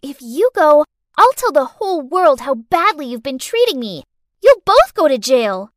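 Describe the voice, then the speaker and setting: A woman's voice: sits high, sing-song, moderate pace, no echo, clean studio sound. Woman voicing a scheming little girl. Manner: whiny, then coldly threatening. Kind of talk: animated story voice acting.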